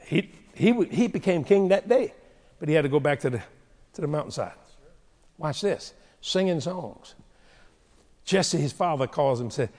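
A male preacher delivering a sermon with humorous, animated storytelling, recorded in a large hall with a long reverb. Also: on the high side, normal speed, pauses often.

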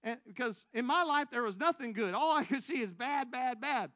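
High, bright-voiced preacher man, self-mocking. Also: moderate pace, dry recording. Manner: animated, self-mocking, laughing through the story; big swings between loud excited bursts and quiet low asides. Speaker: preacher giving a testimony. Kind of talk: storytelling sermon to a congregation.

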